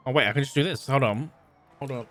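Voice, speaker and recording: A man's voice: mid-range voice, fast, fairly bright tone. A man streaming, reading a fan story aloud, stumbling and restarting often, with side remarks to chat.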